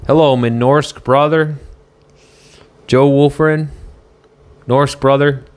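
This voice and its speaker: A man chatting casually on a livestream from a motel room, rambling and halting as he reads viewer comments aloud. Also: mid-range voice, steady tone, smooth.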